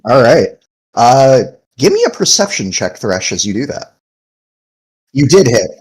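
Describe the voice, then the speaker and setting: A man's voice: mid-range voice, very animated, unhurried, a little mellow, breathy edge, rough recording. A young man acting as game master, casually narrating a tabletop game and laughing often.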